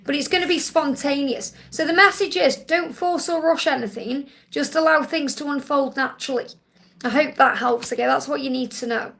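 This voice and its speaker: A woman's voice: sits high, moderate pace, vocal fry, a bit bright. A woman reading tarot cards live for viewers' questions, reassuring and often checking in with "okay?". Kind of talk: live-stream Q&A card reading.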